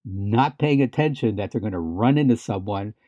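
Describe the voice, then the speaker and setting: A man co-hosting a podcast chats casually in a dark, mellow voice that sits at a middle pitch. He talks haltingly, stumbling over restarts and fillers. The recording is dry and a little dull. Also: animated, no room sound. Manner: halting, many restarts and fillers, laughs while telling stories. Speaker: podcast co-host. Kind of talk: casual chat.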